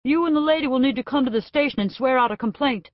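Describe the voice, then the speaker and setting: A woman doing a brisk young cop. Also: high voice, dry recording, voice pushed up, close to an everyday voice. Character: young male police officer, brisk. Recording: dull, dry audiobook recording.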